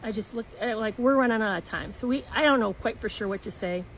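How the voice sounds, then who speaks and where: A woman telling a personal story in an earnest, halting way, with many restarts. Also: fairly high pitch, slight background noise, low-quality recording.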